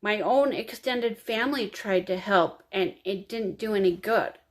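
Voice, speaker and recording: A woman telling her own life story to camera, confiding and emotional, crying as she speaks. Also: mid-range voice. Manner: emotional, confiding, slow and halting. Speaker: vlogger.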